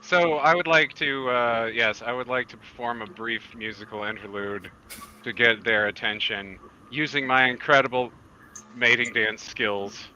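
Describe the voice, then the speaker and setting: A man's voice: medium pitch, steady tone, measured pace, bright, forceful tone, muffled recording, slight background noise. A man playing a tabletop game, joking around casually with the group. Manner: playful and jokey. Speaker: player.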